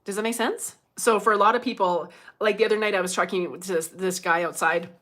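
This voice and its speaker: A woman's voice: mid-range voice, steady tone, a little fast, a bit bright. A middle-aged woman chatting casually on a livestream, laughing often and reading out viewer comments. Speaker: livestream host.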